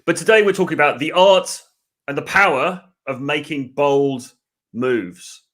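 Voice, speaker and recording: A man's voice: on the high side, unhurried, a bit bright. A man hosting a live video-call chat show, talking in a chatty, rambling way with light teasing. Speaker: podcast host. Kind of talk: casual live-stream chat.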